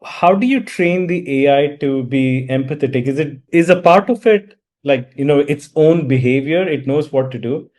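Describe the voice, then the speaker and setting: A man's voice: fairly high pitch, a little mellow. Male podcast host asking questions. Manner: inquisitive, halting. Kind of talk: interview.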